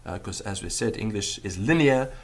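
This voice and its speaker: A man teaching a language lesson, patiently repeating example phrases and explaining grammar step by step. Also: normal speed. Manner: lively rising and falling pitch. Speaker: Latin teacher.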